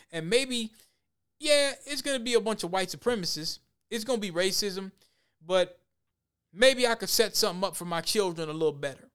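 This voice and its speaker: Male host, high and resonant, blunt, animated storyteller. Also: fairly quick, clean tone. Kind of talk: casual talk show chat.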